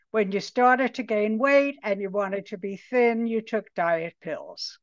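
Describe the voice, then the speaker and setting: A woman in her late seventies giving a personal recovery testimony, reflective and pausing often. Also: mid-range voice, no room sound, dull audio. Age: 70s. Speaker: recovery meeting speaker.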